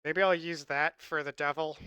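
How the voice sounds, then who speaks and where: A male livestreamer talks loosely with his chat, joking, laughing and swearing freely. His voice sits a little high and sounds bright and smooth. The sound is close and dry. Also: steady tone, normal speed, no room sound. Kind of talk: casual live-stream chat.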